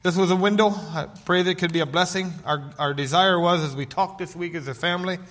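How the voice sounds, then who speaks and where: Earnest man preaching with a bright voice. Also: high-pitched. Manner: earnest, slow emphatic delivery with King James scripture reading. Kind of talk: sermon.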